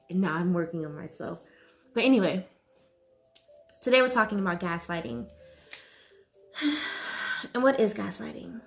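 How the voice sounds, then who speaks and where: Woman vlogging to her camera, nervous, slow halting talk with lots of "like". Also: fairly low pitch. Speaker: wellness vlogger.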